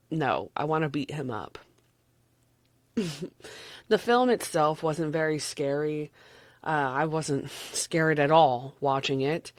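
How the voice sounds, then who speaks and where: A woman's voice: sits low, no echo. A woman in her thirties with a Southern US accent, giving a candid, rambling movie review and chuckling often. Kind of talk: casual spoken movie review.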